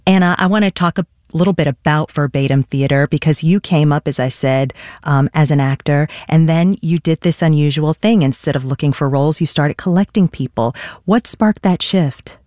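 Woman, radio host, measured, scripted intro, dry close sound. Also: deep voice, dark tone, no echo. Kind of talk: radio interview.

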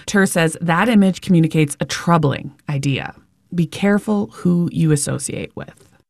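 A woman reporting as a news correspondent, reading a scripted report in a measured, even way. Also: deep voice, creaky, dry recording, studio quality.

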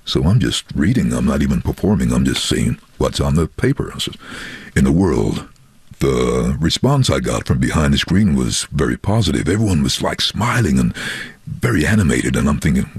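A man, a voiceover artist, telling lively anecdotes in an interview and acting out other people's voices. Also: rumbling low, a little fast, husky, dry recording. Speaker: voiceover artist and train driver. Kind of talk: storytelling in an interview.

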